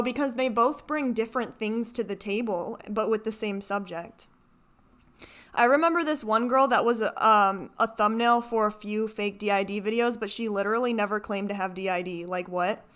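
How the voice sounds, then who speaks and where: Woman, casual reaction commentary, rambling, self-correcting, fairly high-pitched. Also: fairly bright tone. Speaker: reaction video host.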